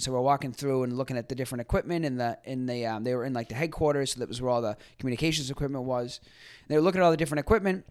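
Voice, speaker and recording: Male podcast host, slightly higher pitch, loose conversational delivery full of fillers and restarts. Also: smooth. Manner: acts out quoted people in a livelier voice. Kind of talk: casual solo commentary.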